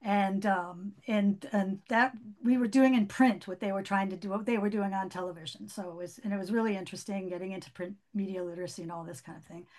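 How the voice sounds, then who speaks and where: An older woman speaks as a guest, telling her story in a relaxed, stop-start manner. She circles back, restarts sentences and fills pauses. Her voice sits at an ordinary middle pitch for a woman. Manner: halting, with many restarts and fillers. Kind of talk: conversational storytelling.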